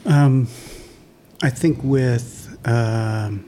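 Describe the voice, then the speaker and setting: Man, pastor guest, mid pitch, thoughtful and modest, light background hiss. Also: extremely slow, dark tone. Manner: modest, thoughtful, hesitant fillers. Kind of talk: reflective interview answers.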